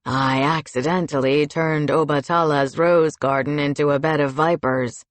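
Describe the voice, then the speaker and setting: Woman putting on a low easygoing man's voice. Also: fairly even intonation, moderate pace, no echo, natural voice. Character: easygoing male otherworldly flag keeper.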